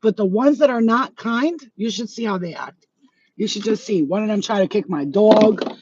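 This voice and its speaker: Speaking at a moderate pace in a mid-range voice, this woman, a psychic medium, films a ranting vlog on a handheld phone as she strolls outdoors through a residential area. She's blunt and swears a lot. The sound is lo-fi with background noise.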